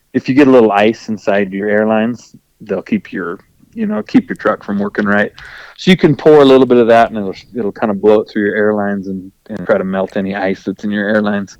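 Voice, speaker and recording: A man who drives trucks and hosts a podcast, telling a story in a casual, animated way and acting out his own quoted thoughts. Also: lowish voice, fairly quick, no room sound, rough recording.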